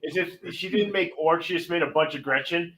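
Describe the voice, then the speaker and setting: A man's voice: on the high side, fairly quick, bright, forceful tone. A man playing a tabletop game, making boastful in-character asides about his orc. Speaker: player.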